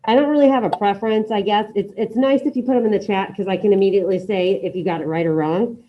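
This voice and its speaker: A woman teaching a Spanish class to students in the room and online, giving brisk, repeated instructions and modeling pronunciation. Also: medium pitch. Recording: dull lo-fi classroom audio.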